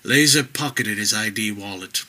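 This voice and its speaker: A man narrating an action story in a vivid, expressive storytelling manner. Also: on the low side, normal speed, low-quality recording.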